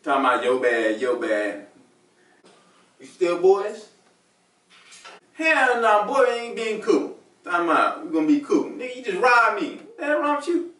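A man's voice: high voice, sing-song, moderate pace, long pauses, fairly bright tone. A young man playing an indignant homeowner who scolds his friend in outraged slang in a comedy skit. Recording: roomy and far from the mic.

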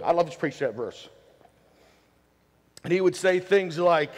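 A man preaching a sermon to his congregation, lively and full of rhetorical questions to the crowd. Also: sits high, measured pace, gravelly, pauses often. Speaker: pastor. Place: church sanctuary. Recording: long hall reverb in a church.

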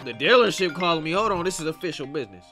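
A young man streaming a game, chatting casually and yelling at his teammates. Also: fairly high pitch, animated, racing, soft background music. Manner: trash-talking, breaks into loud yelling at teammates. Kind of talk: casual gameplay commentary.

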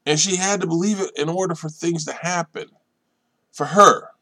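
A man with a fairly high voice leads a Bible study in a deliberate, emphatic way. He leans hard on key points and repeats them, then drops to a soft, low delivery. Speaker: minister leading Bible study.

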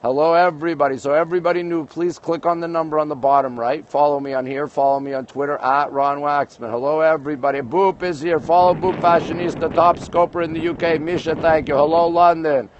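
A man's voice: a little high, fairly even intonation, a little fast, few pauses, muffled recording. A man from Canada hosting a casual livestream outdoors at night, greeting viewers one after another and joking. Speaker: livestream host. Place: outdoors, overlooking a city skyline at night.

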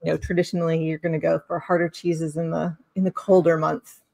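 A chatty woman with a lowish voice talks through a cheese tasting in a relaxed, casual way. She explains as she goes, stopping often to correct herself and filling the gaps with ums. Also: fairly quick, vocal fry. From lives in Sicily. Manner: chatty, explains with many fillers and self-corrections. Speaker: cheese box host.

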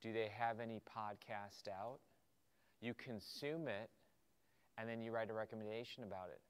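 Animated man teaching a workshop. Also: fairly low pitch, moderate pace, smooth. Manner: animated, acts out quoted emails and students' questions. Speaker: entrepreneurship instructor. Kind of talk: energetic workshop lecture.

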